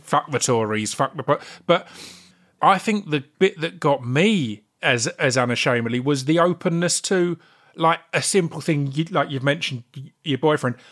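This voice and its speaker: A man hosting a casual interview chat, with a voice on the higher side for a man. He talks enthusiastically, swears freely and restarts his sentences as he goes. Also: normal speed, a bit bright. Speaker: interviewer host.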